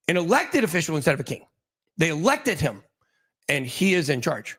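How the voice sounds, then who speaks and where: A man's voice: fairly high pitch, creaky, a bit bright, breathy edge. A man hosting a casual talk show, speculating in a rambling way with many restarts and fillers. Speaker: host.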